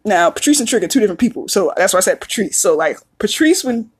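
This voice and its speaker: A woman's voice: mid-range voice, sing-song, quick pace, breathy edge. A woman in her thirties hosting a podcast, talking in a candid, profane, casual monologue and laughing often. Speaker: podcast host.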